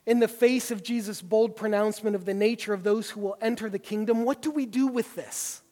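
A man's voice: high-pitched, fairly even intonation, a little fast. A man preaching a sermon, teaching through a Bible passage with emphatic stresses. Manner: emphatic, builds to forceful stresses. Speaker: pastor. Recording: long hall reverb.

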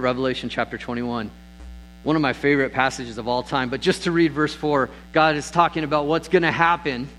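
A man's voice: fairly bright tone, slight background noise, low-quality recording. A man preaching a sermon as pastor, earnest in tone, lifting his voice when he reads scripture aloud. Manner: earnest, rises in pitch and volume on scripture readings.

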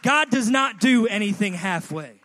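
A male preacher delivering a sermon with rhythmic repetition that builds to shouts. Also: sits high, expressive, unhurried.

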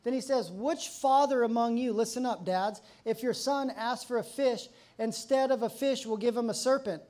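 A man's voice: very high voice, normal speed. A man preaching from the pulpit, talking to the congregation as if chatting with friends. He tells anecdotes with energy and acts out the lines of the people in them. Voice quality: conversational, animated storyteller acting out quotes. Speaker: pastor. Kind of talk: sermon.

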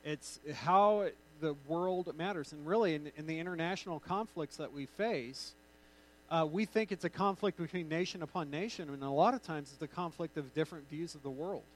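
A man's voice: on the high side, poor audio. A male pastor giving an informal, conversational sermon with joking asides.

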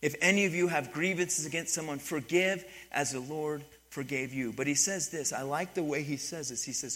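A middle-aged man, a pastor, preaching a sermon in an animated way, dropping quiet and then building up, often asking the congregation questions. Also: fairly high pitch, moderate pace, few pauses.

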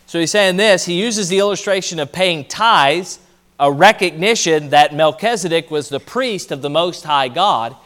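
Man teaching a sermon, fairly high voice. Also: expressive, normal speed, a bit bright. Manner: explanatory teaching, reads scripture aloud; repeats points for emphasis. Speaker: pastor.

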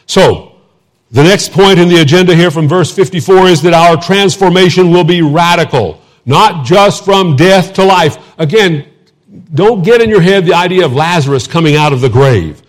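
Male Texan pastor, mid-high voice, conversational sermon with deliberate scripture reading. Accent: Texas. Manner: conversational, asides and self-deprecating humor; reads scripture slowly and deliberately. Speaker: preacher.

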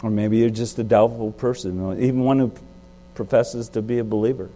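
Mellow-voiced pastor preaching conversationally. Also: male voice, fairly even intonation, normal speed, slight background noise. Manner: conversational preaching with rhetorical questions; sudden swings in pitch and loudness for emphasis. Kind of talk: sermon.

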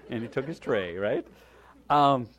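A man preaching a sermon, telling a story in a folksy, lively way and often checking in with a "right?". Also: medium pitch, measured pace.

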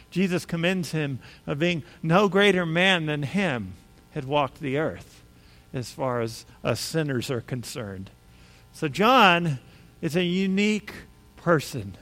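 A man preaching a sermon in a high voice. He talks to his congregation casually, then presses into animated, emphatic stretches when a point matters. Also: long reverb tail. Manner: conversational, animated with rising emphasis. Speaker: pastor.

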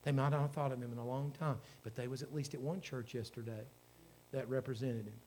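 A man's voice: mid-range voice, steady tone, a little fast, a little mellow, a little hiss or hum. A man, a pastor preaching a sermon in a folksy storytelling way that builds to fervent exhortation.

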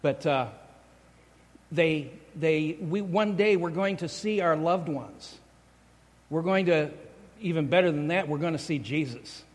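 A man preaches with a fairly high voice, chatty and joking, often stopping to restart a phrase. His sermon carries a long reverb from a large church hall. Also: unhurried. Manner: conversational, joking, frequent restarts. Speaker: pastor. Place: church sanctuary.

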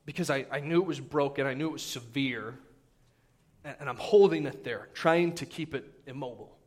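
A pastor in his thirties delivers a sermon, recounting a personal story with animated, conversational energy. His voice sits at a medium pitch, and he often breaks off to toss quick asides to the congregation.

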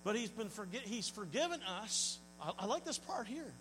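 A man's voice: sits high, very animated, normal speed, fairly bright tone. A man preaching a sermon as pastor, earnest and folksy, often stumbling and repeating words. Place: church hall. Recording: long hall reverb, mains hum.

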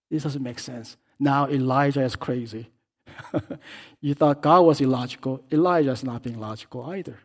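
A man preaching a sermon as pastor, swinging between hushed, quiet stretches and loud, impassioned calls. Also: mid-range voice, moderate pace.

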